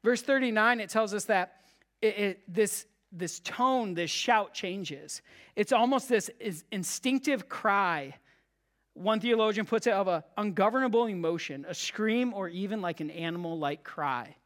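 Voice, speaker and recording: A pastor preaching a sermon to a live congregation, emphatic and repetitive, swinging between loud cries and hushed low tones. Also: animated, a little slow. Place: church service with a live congregation.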